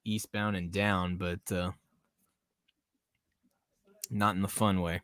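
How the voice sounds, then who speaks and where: A man's voice: sits low, flat delivery, takes it slowly, a bit bright, no echo. A man from the American South hosting a casual live podcast stream, rambling, laughing often and reading chat comments aloud. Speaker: podcast host.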